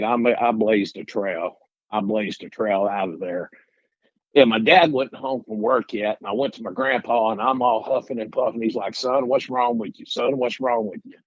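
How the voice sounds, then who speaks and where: A middle-aged man from Arkansas, interviewed as a guest, recounts his encounter in a folksy, rambling manner with restarts. His lowish voice is husky, and the recording is muffled with no room sound.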